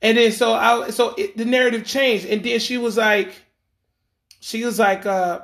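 A man talks in a loose, rambling monologue, full of slang and false starts. His voice sits high for a man. He slips into quoted voices to act out the people in his story. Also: moderate pace, creaky. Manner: rambling, animated, acts out quoted lines; frequent fillers and restarts, slangy.

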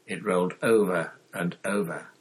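A man reading a story aloud as narrator, in a measured, deliberate way. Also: sits low, fairly even intonation, breathy edge, poor audio. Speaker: audiobook narrator.

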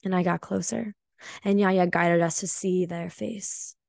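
A woman hosting a solo spiritual podcast, telling a personal story in an earnest, emotional and confessional way, often slow and reflective. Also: lowish voice, fairly even intonation, vocal fry, a little mellow, dry recording, clean studio sound. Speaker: podcast host.

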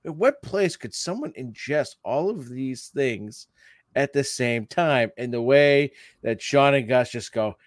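A man's voice: medium pitch, expressive, a little slow, no echo, studio quality. A man co-hosting a podcast, chatting casually about a TV episode, laughing often and acting out quoted lines. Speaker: podcast co-host. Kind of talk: casual chat recapping a TV episode.

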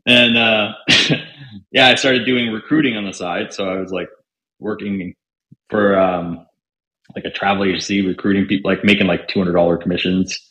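A deep-voiced Canadian salesman appearing as a podcast guest shares casual stories at a moderate pace, his tone bright. He's talkative, uses plenty of fillers, and acts out quoted dialogue. The sound is roomy and echoey.

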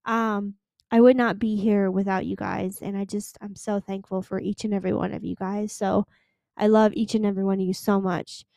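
A woman in her twenties from Florida, hosting a casual solo podcast, chatty and emphatic, slowing down to stress her points. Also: medium pitch, little pitch movement, creaky, dark tone, dry recording, studio quality. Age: 20s. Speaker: podcast host.

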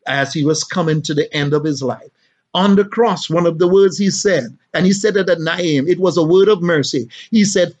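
A pastor preaching a sermon, rising and falling dramatically in pitch and volume. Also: male voice. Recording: dull lo-fi recording.

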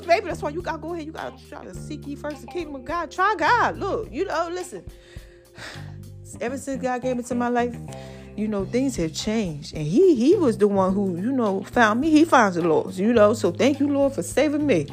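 A woman vlogger giving a casual inspirational talk to her viewers, animated and preachy, calling them baby and y'all. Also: high-pitched, normal speed, faint music behind.

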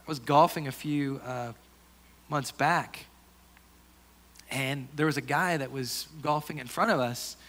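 A pastor with a medium-pitched voice preaches at a measured pace, pausing often. His sermon is earnest and conversational, with frequent restarted sentences and drops into softer asides.

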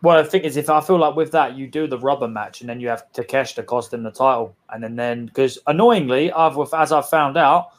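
A young man, co-hosting a casual podcast chat, excitable and sweary, rambling with lots of fillers. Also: mid-range voice, brisk, hardly any pauses. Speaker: podcast co-host.

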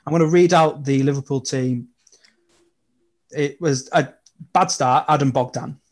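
A young man, chatting casually and telling animated football stories as a podcast guest. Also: fairly high pitch, measured pace. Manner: animated storytelling with laughs. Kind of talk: casual chat.

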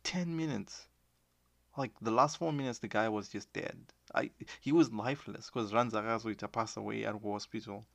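A Zimbabwean man with a Shona accent speaks earnestly to viewers in a casual monologue, switching between languages and restarting haltingly. His voice is lowish with vocal fry, and the recording is dry.

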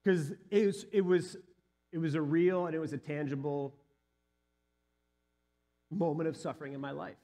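A man's voice: fairly high pitch, fairly even intonation, normal speed, pauses often, mellow. A male pastor in his thirties or forties giving a sermon, telling a personal story earnestly and building to emphatic peaks.

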